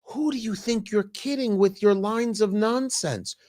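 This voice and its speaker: A man's voice: sits high, a little slow, a little mellow. A male talk show host, delivering a combative opinion monologue and hammering his points with repetition. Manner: emphatic, combative, repeating lines for stress.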